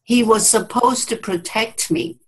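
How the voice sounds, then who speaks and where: Husky-voiced woman telling a client story. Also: a little high, unhurried, poor audio. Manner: reflective, hesitant restarts, quotes clients aloud. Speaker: therapist and guest speaker. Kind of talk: storytelling in an interview. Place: online video call. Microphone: video call mic.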